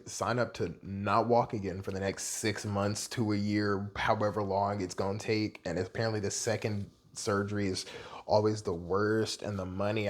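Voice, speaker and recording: A young adult man vlogging in a candid, rambling, self-deprecating way. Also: fairly low pitch. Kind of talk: casual personal vlog monologue.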